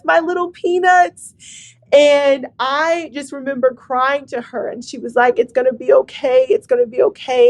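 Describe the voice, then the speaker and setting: A young woman telling an emotional personal testimony as a guest, often filling with "like". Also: fairly high pitch. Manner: emotional, many fillers like "like".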